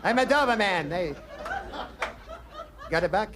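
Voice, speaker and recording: A man's voice: high-pitched, animated, measured pace, very noisy. Man doing a down-and-out Doberman bum. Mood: pleading. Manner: sad, down-and-out, pleading. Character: washed-up male Doberman begging on the street.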